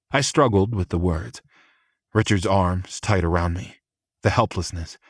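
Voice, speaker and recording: Male audiobook narrator, low voice, dry close sound, steady first-person read. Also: moderate pace, breathy edge, no echo.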